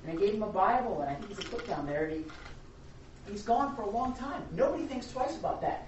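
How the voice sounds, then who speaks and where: A woman pastor preaching a sermon in a rambling, chatty way, with sudden loud emphasis. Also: mid-range voice, animated, fast, a little hiss or hum. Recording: echoey hall, distant dull mic.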